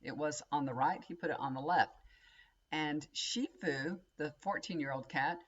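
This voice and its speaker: A woman's voice: low voice, normal speed, husky, lo-fi sound. Chatty woman, rambling home vlog. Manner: chatty, folksy, addresses viewers as y'all, frequent laughs and asides. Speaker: tarot reader and vlogger. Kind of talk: rambling casual chat to viewers.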